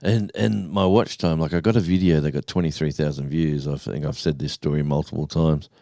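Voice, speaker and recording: A man hosts a casual live stream, wandering through a long everyday story and stopping to greet people in the chat. His voice is extremely low and dark. The sound is dry and close, with no room echo. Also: steady tone, fairly quick, gravelly. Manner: rambling storyteller, reads chat names aloud, says mate.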